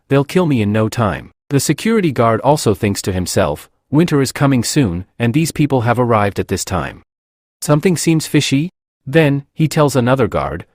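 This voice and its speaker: In a dry, clean studio recording, a man narrates a comic recap. His pitch is lively, but he reads every character's lines in the same plain voice.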